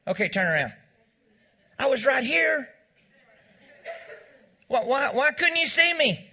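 Speaking slowly in a very high, sing-song voice with a sharp tone and a breathy edge, a male pastor pauses often as he preaches in church. He repeats key lines, prompting the congregation to echo them.

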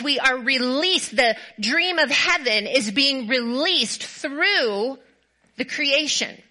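A woman pastor preaching a sermon, telling a story with animated emphasis and repeated build-up phrases. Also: high voice, rough recording. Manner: animated storytelling, acts out quoted voices; repetitive emphatic build-ups.

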